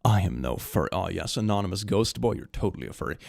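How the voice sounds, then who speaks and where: A young man streaming from home, reading fan memes aloud and reacting in an animated, giggly way that swings between hushed and excited. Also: sits low, quick pace, gravelly, no echo, studio quality. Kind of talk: casual livestream chat.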